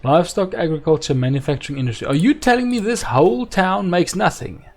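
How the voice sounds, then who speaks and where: A man's voice: high-pitched, lively intonation, fast talker. A man commenting on his own strategy game session as he plays, talking to himself and his viewers and repeatedly asking aloud why things aren't working. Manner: exasperated, keeps asking aloud why things don't work. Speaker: gameplay video host.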